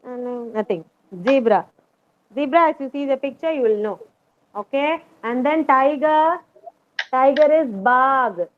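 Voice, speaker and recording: A woman teaching a kindergarten class online, slowly and patiently repeating each word for the children to echo. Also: high voice. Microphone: video call. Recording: tinny video call audio.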